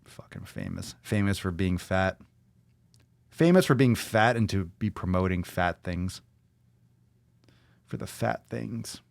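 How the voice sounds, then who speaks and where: A man's voice: lowish voice, takes it slowly, creaky, long pauses, no room sound. A man hosting a podcast in a brash, profane, mocking rant. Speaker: podcast host. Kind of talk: casual ranting podcast talk.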